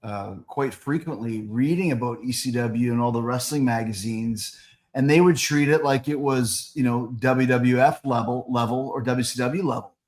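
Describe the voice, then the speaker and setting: A man's voice: medium pitch, moderate pace. Chatty middle-aged male podcast host. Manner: loose and chatty, full of fillers. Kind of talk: casual interview chat.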